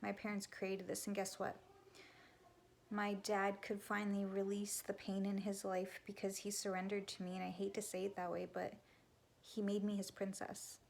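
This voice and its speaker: Young woman, gravelly, raw confessional vlog, blunt and sweary, slips into whispers. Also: medium pitch, completely flat delivery, moderate pace, a little hiss or hum. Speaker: vlogger and spiritual coach. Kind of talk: candid confessional talk to camera.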